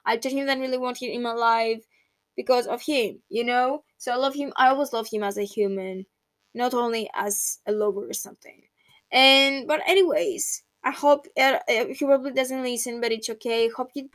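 Young woman, high voice, solo podcast host, rambling and heartfelt, dry close sound. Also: steady tone, normal speed, dry recording. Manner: rambling, heartfelt and reflective, with frequent restarts. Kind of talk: casual solo podcast monologue. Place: at home at night.

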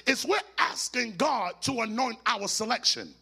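A man pastor, preaching a sermon that climbs from quiet teaching to shouted, sing-song preaching. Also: very high voice, animated, normal speed, creaky, breathy edge, soft background music.

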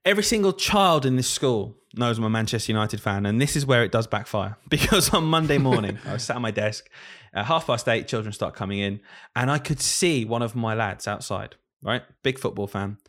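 A British man, a primary school teacher co-hosting a podcast, telling anecdotes in relaxed, teasing chat. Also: mid-range voice, a little fast, few pauses. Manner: easygoing, teasing banter, narrates anecdotes calmly. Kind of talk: casual chat.

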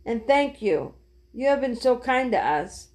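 A woman's voice: fairly high pitch, big pitch swings, a little slow, a little mellow. A woman reading as a cheerful big sister. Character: capable older sister, cheerful and kind.

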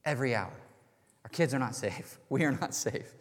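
A man preaching a sermon as pastor, telling stories in a lively, casual, conversational way. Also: mid-range voice, normal speed, big-room sound. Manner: energetic storytelling, casual and conversational.

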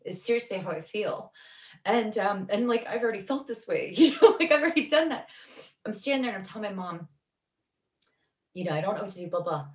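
A woman's voice: medium pitch, animated, a little fast. A woman casually telling a rambling, emotional story, swearing often. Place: Los Angeles. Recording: echoey room, distant from mic.

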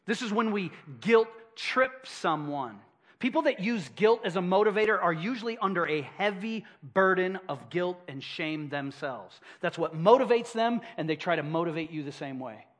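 Middle-aged male pastor with a high voice, preaching with emphatic repetition. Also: expressive, normal speed. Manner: emphatic, repeats phrases for effect. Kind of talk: sermon.

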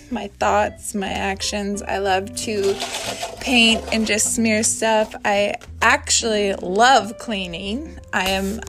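A woman's voice: mid-range voice, a bit bright. Chatty woman in her thirties. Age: 30s. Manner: chatty, candid, swearing freely. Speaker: podcast host. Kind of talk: casual chat. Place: her bedroom.

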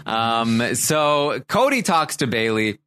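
A man's voice: mid-range voice, slow pace, smooth. A man hosting a podcast, recapping events in an easygoing chat, with lots of fillers and restarts. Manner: animated storytelling with many fillers and restarts. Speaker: podcast host.

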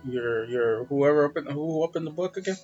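Casting: quick, higher-voiced guy cutting in with questions, dull lo-fi audio, faint music. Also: darkish tone. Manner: quick clarifying interjections, profane. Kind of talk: casual chat.

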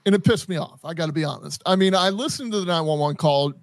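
Male podcast host, slightly high voice, dry close sound, chatty, stammers and restarts a lot. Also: no room sound. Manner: animated, halting, lots of restarts and stammers. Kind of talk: casual chat.

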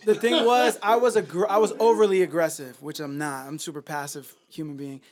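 A man with a high voice chats on a podcast in a loose, rambling way, full of fillers and swearing. He sounds laid-back and unhurried. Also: steady tone, a crowd in the background. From Miami. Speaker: musician guest. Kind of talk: casual podcast chat.

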